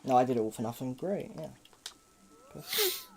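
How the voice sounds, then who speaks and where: A person playing a video game on stream, chatting casually with a blunt, flat delivery and swearing at the game. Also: mid-range voice, normal speed, noisy background. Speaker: co-player in a versus game stream. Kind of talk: casual chat while gaming.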